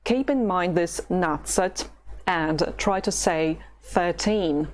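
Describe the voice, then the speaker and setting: A woman from Russia with a Russian accent, a patient language teacher who models words slowly for the listener to repeat. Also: fairly low pitch, a little hiss or hum. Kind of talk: slow language lesson with repetition drills.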